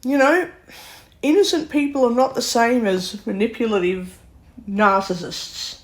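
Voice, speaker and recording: A woman vents in a long vlog rant. She talks slowly and deliberately, leaning hard on her words and acting out other people's lines in her own voice. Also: on the high side. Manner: slow, emphatic venting with acted-out quotes. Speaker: vlogger. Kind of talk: ranting monologue.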